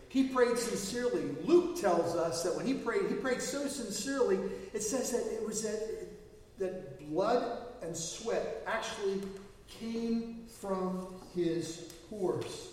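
A man's voice: high-pitched, darkish tone. A man preaching a sermon in a conversational, storytelling way. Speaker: pastor. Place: church sanctuary. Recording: echoey church hall, mic at a distance.

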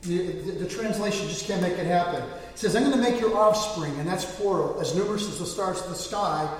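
A middle-aged man preaching a sermon, earnest, rising louder when he quotes scripture. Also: high-pitched, brisk. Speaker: pastor. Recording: echoey hall, voice from far off the mic.

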